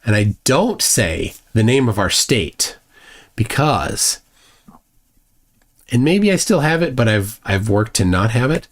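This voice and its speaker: Minnesotan man, low-ish voice, casual rambling streamer who reads chat aloud, plenty of restarts. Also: very animated, slow, long pauses. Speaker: live streamer.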